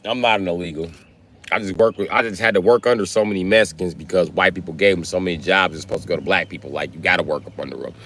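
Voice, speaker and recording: A man's voice: low-pitched, fast talker, a bit bright, slight background noise. A man ranting on a casual livestream, profane and confrontational, heckling his viewers.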